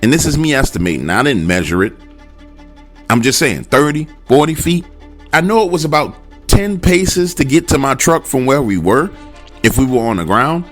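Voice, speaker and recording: Man telling a true scary story, swooping animated voice, dramatic pauses, faint music underneath. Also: medium pitch. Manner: dramatic, addresses listeners directly. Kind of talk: first-person horror story narration.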